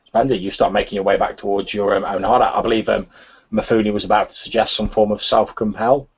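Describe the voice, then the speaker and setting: Low, husky-voiced male game master. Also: fast talker. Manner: relaxed, filler-laden narration. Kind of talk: narrating a tabletop game. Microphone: voice chat. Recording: muffled lo-fi voice chat.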